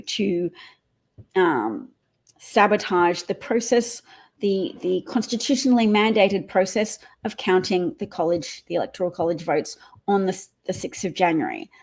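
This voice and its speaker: A woman's voice: fairly low pitch, darkish tone, husky. A woman hosting a political livestream, talking casually and explaining at length with some fillers.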